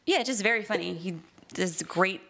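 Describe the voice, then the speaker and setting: A woman's voice: mid-range voice, normal speed, creaky, fairly bright tone. A woman co-hosting a podcast, chatting casually and enthusiastically, often trailing off mid-sentence. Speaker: podcast co-host. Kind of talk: casual chat.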